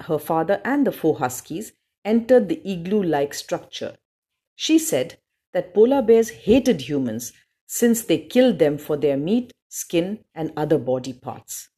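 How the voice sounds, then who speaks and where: A woman narrating a children's storybook aloud, expressive, with small slips now and then. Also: lowish voice, a little slow, husky.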